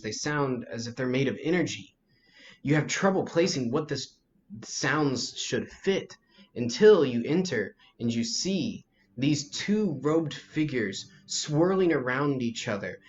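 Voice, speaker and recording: Brief: male game master, mid-pitched voice, slow descriptive narration, slightly dull recording. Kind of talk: narrating a tabletop role-playing game for kids. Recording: lo-fi with faint music.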